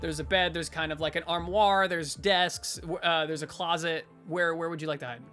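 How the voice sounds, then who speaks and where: A man narrates a tabletop game as game master in a high, bright voice. He rambles, filling pauses and correcting himself as he goes. Faint music sits behind him. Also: fairly even intonation. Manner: rambling, filler-heavy, self-correcting.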